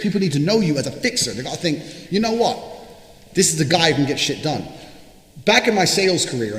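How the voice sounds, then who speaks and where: A young man giving a brash, boastful monologue to camera, swearing freely as he speaks. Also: mid-range voice. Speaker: motivational speaker. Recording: echoey room with long reverb, faint music.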